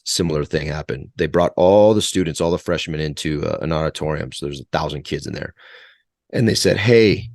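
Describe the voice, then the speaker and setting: A man's voice: very deep voice, gravelly, no room sound, studio quality. A man in his forties, a guest in an interview, telling stories in a rambling way with many restarts. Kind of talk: conversational interview storytelling.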